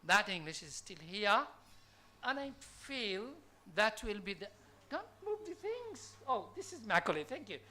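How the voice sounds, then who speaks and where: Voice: medium pitch, very animated, normal speed, sharp tone. A conference speaker from Bangladesh giving an academic lecture in a college hall, posing emphatic rhetorical questions to the audience.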